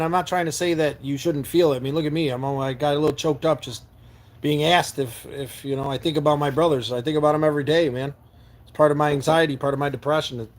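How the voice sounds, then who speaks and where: A man from New York State hosts a live stream from his camper van, reading and answering viewer comments. His voice sits a little higher than most men's, and he speaks sincerely and earnestly. He often stumbles over and repeats words as he reaches for them.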